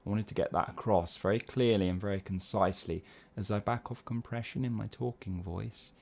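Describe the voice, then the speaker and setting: A man's voice: low voice, moderate pace, creaky, darkish tone, a little hiss or hum. A man teaching singing, explaining vocal technique patiently and breaking into short sung syllable exercises. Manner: explains patiently, often checks in with "yeah?". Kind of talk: spoken vocal lesson with sung demonstrations.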